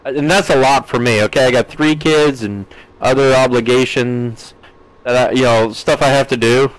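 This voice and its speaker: An American man in his thirties is streaming a game live and talking with his chat, reading messages aloud and joking along. His voice sits at an ordinary middle pitch. It is recorded close and dry, with no room echo. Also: fairly even intonation, moderate pace. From United States. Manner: chatty, reads chat aloud with playful jokes.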